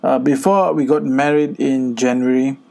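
Man, podcast co-host, casual chat, earnest, halting with fillers. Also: medium pitch, fairly even intonation, creaky, warm tone. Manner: earnest, many fillers and restarts.

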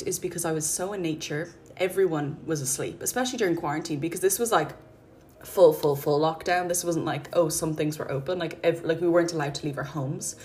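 An Irish podcast host with a low voice muses aloud in a casual, reflective monologue, gentle and earnest. She rambles, leaning heavily on "like" and "um," over slight background noise.

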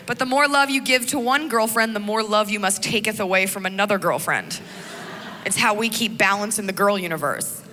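A woman's voice: medium pitch, brisk, bright, forceful tone. Young woman, stand-up comic, rambling and sardonic, long hall reverb, noisy background. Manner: rambling, valley-girl filler "like", crude and sardonic. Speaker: stand-up comedian. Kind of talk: stand-up comedy set. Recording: reverberant live venue with background noise.

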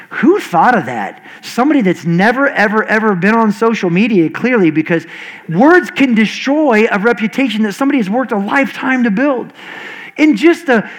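A man in his forties preaching a sermon as a pastor, talking fast and earnestly with frequent restarts. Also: sits high, rough recording.

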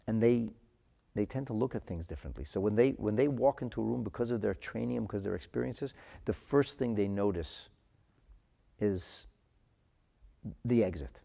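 A man teaching a Chassidic class to viewers, animated, repeating words as he searches for the right phrasing, and dropping into his talk. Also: lowish voice, moderate pace, creaky, pauses often. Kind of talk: live-streamed Torah class answering viewer comments.

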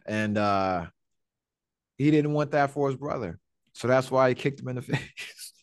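A man's voice: mid-range voice, a little slow, dry recording, studio quality. A man hosting a podcast, chatting casually about wrestling in a rambling, joking, profane way. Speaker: podcast host.

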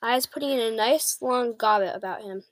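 Woman voicing a gentle big giant with mangled grammar. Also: on the high side, fairly quick, a little hiss or hum, natural voice. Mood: earnest. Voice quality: ungrammatical folksy speech.

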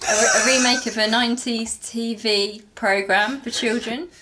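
A woman chatting casually on a podcast, halting and sheepish, laughing often. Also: fairly high pitch, fairly even intonation, very noisy. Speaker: podcast co-host, writer of the story. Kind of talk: casual chat.

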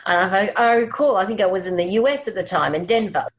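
A woman career coach speaking as a podcast guest, measured and emphatic, repeating her key points. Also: mid-range voice. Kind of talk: casual interview chat.

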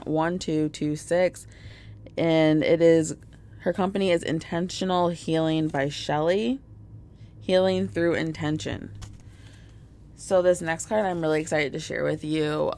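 A woman, a mother, chatting casually to her viewers in a rambling way, full of "like" and "you guys". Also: low voice. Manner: rambling, filler-heavy, lots of "like" and "you guys". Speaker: mother sharing business contacts with viewers. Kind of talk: casual chat to camera.

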